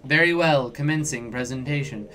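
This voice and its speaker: A man's voice: medium pitch, normal speed, sharp tone, a little hiss or hum, close to an everyday voice. A man voicing a stiff, formal simulacrum. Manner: formal and precise.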